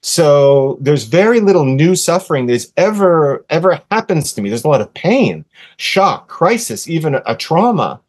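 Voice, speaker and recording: A man's voice: on the high side, normal speed. Earnest sixties man telling a story. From USA. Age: 60s. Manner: earnest, animated storyteller, drops to a soft hush when quoting comforting words. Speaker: podcast guest. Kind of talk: casual storytelling in an interview.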